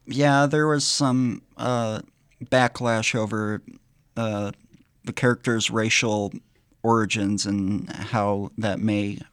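Male radio co-host, low voice, halting casual talk, dry close studio sound. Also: steady tone, clear, resonant tone, no room sound. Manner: hesitant, many restarts and pauses. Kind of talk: casual chat.

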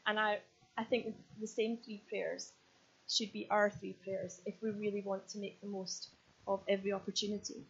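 Brief: Scottish woman in her thirties, sermon, lively and earnest; dull-sounding recording. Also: mid-range voice, normal speed, breathy edge. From Scotland. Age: 30s. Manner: lively, joking, then earnest and urgent. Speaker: preacher. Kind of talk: sermon with props and stories.

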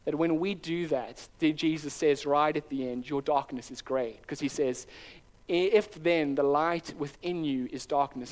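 A man with a slightly higher voice delivers a sermon to his congregation. He preaches earnestly and conversationally, circling back and restarting phrases as he builds his points. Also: normal speed, a little mellow. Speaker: pastor.

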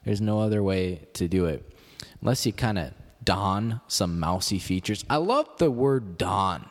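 A man's voice: fairly low pitch, expressive, unhurried, long reverb tail. A man with a Chicago accent hosting a podcast, rambling through jokey, digressive asides in a casual monologue. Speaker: podcast host.

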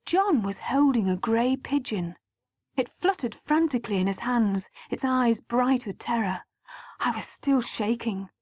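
A woman reading a first-person story aloud as an audiobook, measured and at times hushed. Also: a little high, no room sound. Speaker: audiobook narrator.

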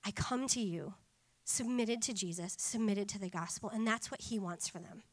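A woman in her thirties preaching a sermon in an animated way, laughing often and breaking into lively asides. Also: mid-range voice, moderate pace.

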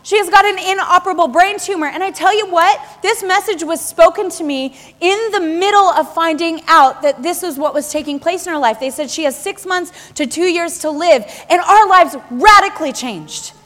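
A woman preaching a sermon to a congregation, animated and laughing often as she acts out little scenes. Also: very high voice, normal speed, few pauses. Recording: long hall reverb.

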